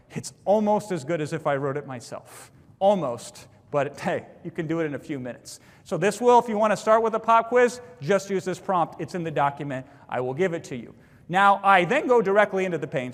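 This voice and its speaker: A man teaching sales techniques at a live seminar, punchy and emphatic, often acting out his own pitch lines. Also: a bit bright, big-room sound. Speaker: sales trainer.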